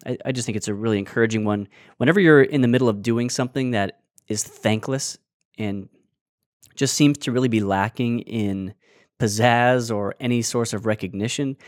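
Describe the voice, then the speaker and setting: A man's voice: on the low side, a little mellow, no room sound, studio quality. A man co-hosting a casual faith discussion, earnestly explaining scripture passages. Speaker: podcast co-host.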